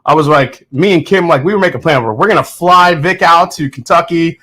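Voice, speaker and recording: A man's voice: fairly high pitch, fairly quick, sharp tone. A man hosting his own show, chatting casually and rambling through a story with restarts and laughs, at home. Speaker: host. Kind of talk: casual chat.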